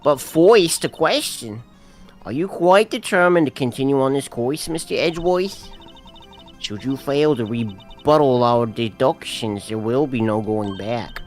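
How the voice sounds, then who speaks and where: A man's voice: medium pitch, expressive, a little slow, darkish tone, soft background music, close to an everyday voice. A man voicing a grave, pompous older male judge with a formal, declamatory manner, in an improvised comedic game dub. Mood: stern.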